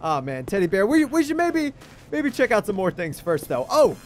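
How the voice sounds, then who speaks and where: A young man doing goofy, excitable game commentary, talking to his teddy bear as he plays. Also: high-pitched, normal speed, music in the background. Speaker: gaming YouTuber.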